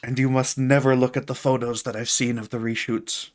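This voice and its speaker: A man's voice: mid-range voice, level tone, lightly acted. A podcast co-host putting on an impression of an intense older male documentary filmmaker, solemn and ominous, with faint music behind. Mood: grave. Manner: solemn, slow, ominous warnings.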